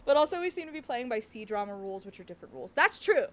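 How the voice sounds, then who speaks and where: Young woman, game reaction commentary, high voice, very expressive, self-mocking, casual. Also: fast. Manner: animated, laughing, self-mocking. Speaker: game streamer.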